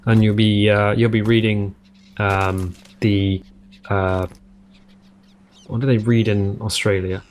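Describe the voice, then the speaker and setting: A man's voice: on the low side, little pitch movement, slow pace, long pauses, slight background noise. Rambling man narrating his gameplay at home. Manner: rambling, self-interrupting, jokey tangents. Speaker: gaming video host. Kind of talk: casual let's-play commentary.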